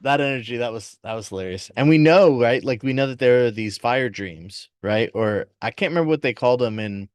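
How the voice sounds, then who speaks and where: A man's voice: mid-range voice, lively intonation, fairly quick, few pauses, smooth, no room sound. A man co-hosting a podcast, chatting enthusiastically about a TV series. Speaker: podcast co-host. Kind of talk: casual chat recapping a TV series.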